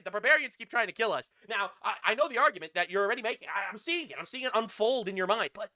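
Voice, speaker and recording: A man's voice: sits high, very animated, quick pace, hardly any pauses, bright, forceful tone. A man hosting a live news reaction stream, talking in a crude, sarcastic, mocking rant.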